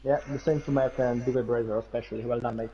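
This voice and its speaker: A man, a racing driver, answers after a race in short, halting bursts and starts over often. His voice sits mid-range. The line sounds dull and lo-fi, with a faint hiss. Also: mid-range voice, fairly even intonation, mellow. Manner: halting, stop-start phrasing. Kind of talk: post-race interview.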